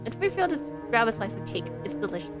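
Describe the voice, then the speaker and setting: A woman's voice: on the high side, very animated, fast talker. A woman voicing a welcoming young witch in a video game, courteous and reassuring, with game music behind her. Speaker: game character.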